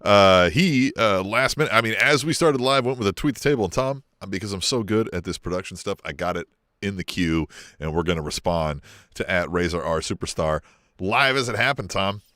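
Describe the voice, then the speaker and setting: A man's voice: low voice, animated, fairly quick, fairly bright tone, no echo, studio quality. A man co-hosting a wrestling podcast in casual chat, joking and playful as he reads out listener tweets. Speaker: podcast co-host.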